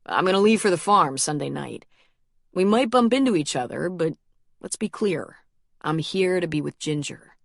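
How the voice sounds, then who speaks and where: A blunt, stubborn man stands his ground in a storybook scene, low and plain-spoken, as a woman narrator reads his part. The sound is dry and close, with no room around it. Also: animated, normal speed, creaky, no echo. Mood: firm. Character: earnest stubborn grown man, defending his new love. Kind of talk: audiobook character reading.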